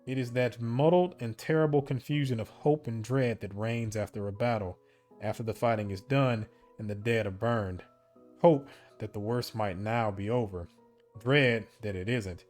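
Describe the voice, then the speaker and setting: A man's voice: medium pitch, normal speed, soft background music. A man reading the narration of an interactive story game aloud, breaking off for casual asides about his choices. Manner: steady storybook reading broken by casual asides and laughs at slips. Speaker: game streamer.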